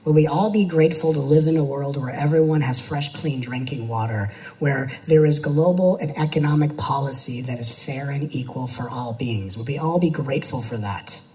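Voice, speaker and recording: A man's voice: mid-range voice, normal speed, hardly any pauses, darkish tone, low-quality recording. A man, a spiritual teacher, giving an earnest talk to an audience, building his points through repetition and now and then slipping into playful mimicry.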